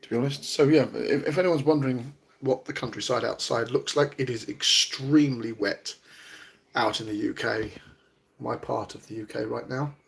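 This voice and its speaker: A man's voice: mid-range voice, steady tone, normal speed, creaky. A man in his forties with a British accent, chatting casually with viewers on a livestream, rambling and hesitant with many ums and restarts. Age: 40s. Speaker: vlogger.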